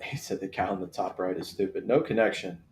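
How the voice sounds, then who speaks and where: Chatty host in an echoey room. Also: male voice, sits low, quick pace, darkish tone, a little hiss or hum. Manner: chatty, storytelling, laid-back with swearing. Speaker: host of a live draft stream. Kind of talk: casual chat.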